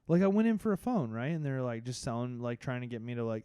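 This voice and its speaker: A man's voice: medium pitch, big pitch swings, quick pace, hardly any pauses, mellow, clean tone, no echo. A man cohosting a podcast in casual comedic chat, riffing and swearing casually.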